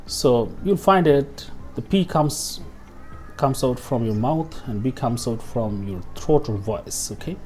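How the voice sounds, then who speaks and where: This pronunciation lesson comes from a man whose medium-pitched voice is animated and a little mellow, with soft background music. Speaking slowly, he says every example word twice, keeps asking "okay?", and stops from time to time for a cough.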